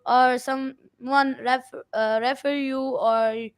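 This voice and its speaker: A woman asking interview questions in a hesitant way, with many fillers and halting phrasing. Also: high-pitched, fairly even intonation, smooth.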